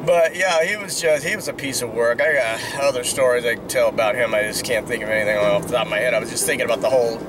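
A man's voice: mid-range voice, quick pace, few pauses. Rambling guy telling a story over traffic. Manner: rambling, chuckling, keeps asking "right?". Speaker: vlogger. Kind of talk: casual storytelling. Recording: distant mic with loud outdoor traffic noise.

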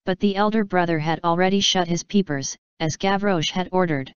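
Clear-voiced woman reading a classic novel. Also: lowish voice, no room sound. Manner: measured, even storytelling. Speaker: audiobook narrator. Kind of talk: scripted narration. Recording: slightly dull, dry recording.

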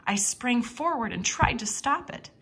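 Husky woman reading a children's story. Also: on the high side, measured pace. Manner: expressive, animated storytelling. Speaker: storybook reader. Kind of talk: children's story read-aloud.

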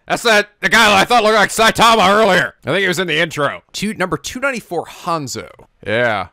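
A man hosting an anime reaction, excitable, breaking into frequent laughs and exclamations. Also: high voice, fairly quick, no room sound, clean studio sound.

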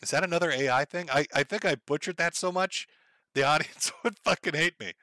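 A Minnesota man with a higher-pitched voice, speaking a little fast in a dry recording, hosts a casual livestream. He reads viewer donations aloud in a flat, wry tone, tossing in sardonic, profane asides.

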